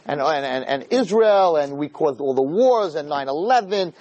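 A man giving a weekly Torah talk as a lively, chatty storyteller who drops in Hebrew terms. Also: a little high, normal speed, lo-fi sound. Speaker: Torah lecturer.

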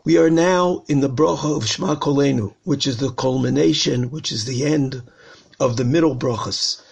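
A man's voice: medium pitch, moderate pace, gravelly, slightly rough. An older man, a rabbi, giving an earnest recorded talk on prayer, repeating phrases as he pleads. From Israel.

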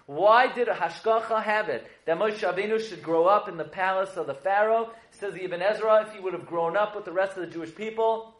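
A rabbi with a high voice tells a lively Torah lesson, mixing jokes and stories and firing questions at his class. He sounds like he is in a roomy, echoing space. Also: fairly quick, hardly any pauses. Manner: joking, storytelling, quizzes the audience. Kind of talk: humorous Torah lecture. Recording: echoey room.

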